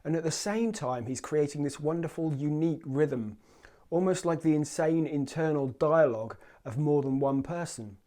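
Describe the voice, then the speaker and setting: A man hosting a poetry channel, giving scripted commentary on song lyrics and reciting them in a measured way. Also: on the high side, dark tone. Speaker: host.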